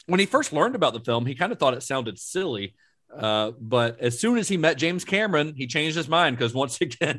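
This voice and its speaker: A man in relaxed conversation on a film podcast, sharing trivia he has looked up. He laughs easily and keeps the chat loose, in a voice of ordinary middle pitch. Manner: relaxed, laughs often, recounts researched trivia. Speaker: podcast co-host.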